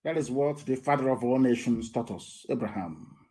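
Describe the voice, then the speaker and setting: A man's voice: medium pitch, animated. Emphatic Nigerian man preaching scornfully. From eastern Nigeria. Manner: emphatic and scornful, lecturing with sudden loud and soft swings; reads Bible verses aloud slowly, pausing and restarting. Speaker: activist broadcaster. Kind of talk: live political broadcast, preaching from scripture.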